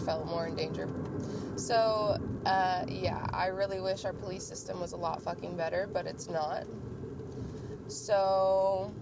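A young woman hosting a casual podcast while driving, rambling and swearing freely as she vents. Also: medium pitch. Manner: profane, venting, rambling. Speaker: podcast host. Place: inside a car in the rain. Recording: noisy car interior.

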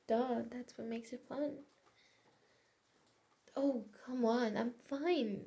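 Young woman for adult audio role-play: slow, mellow, breathy, slipping into whispers. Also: fairly high pitch.

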